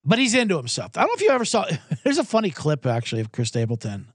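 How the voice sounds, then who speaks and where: Lively profane betting show host. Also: male voice, a little high, quick pace, slightly rough, no room sound, clean studio sound. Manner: loose, profane and rambling, reading out viewer comments. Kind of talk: casual live-stream betting talk.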